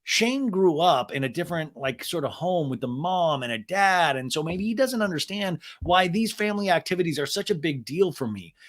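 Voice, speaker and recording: A young adult man hosting a podcast, recapping a reality TV episode in casual comedic style and quoting the cast in quick voices. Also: on the high side. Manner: animated, quotes cast members in quick acted snippets.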